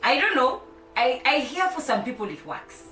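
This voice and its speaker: A young woman with a Kenyan accent talks playfully to camera and laughs often. Her voice is bright and swoops up and down. She is recorded off the mic in a roomy space. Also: high-pitched, sing-song, normal speed, far from the mic, faint music behind. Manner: playful, laughs often, mixes English and Swahili. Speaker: vlogger. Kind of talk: casual chat to camera. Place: home with street noise outside.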